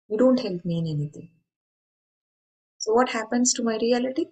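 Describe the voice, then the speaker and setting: A woman's voice: mid-range voice, darkish tone, poor audio. A middle-aged woman giving an earnest spoken talk on mindfulness, explaining with everyday examples and rhetorical questions. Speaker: meditation speaker. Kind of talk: spoken talk to an online group.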